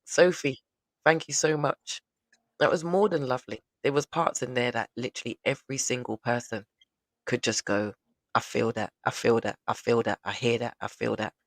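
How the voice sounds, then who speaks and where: A man's voice: medium pitch, normal speed, dry recording, rough recording. A man hosting a live online show over a video call, effusive and repeating phrases for emphasis. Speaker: host.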